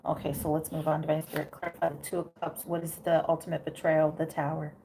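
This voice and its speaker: A woman's voice: deep voice, flat delivery, fast, mellow, slight background noise. A woman giving a casual tarot reading, thinking aloud with many fillers and frequent "okay?" check-ins. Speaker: tarot reader.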